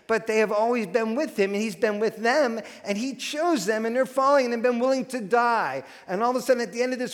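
A man preaching a sermon as a pastor, telling stories animatedly with frequent restarts. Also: extremely high pitch. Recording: long hall reverb.

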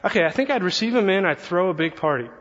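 A man preaching a sermon, earnest and animated, telling a story with quoted asides. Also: high-pitched, fast talker. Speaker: pastor. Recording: long reverb, slightly dull sound.

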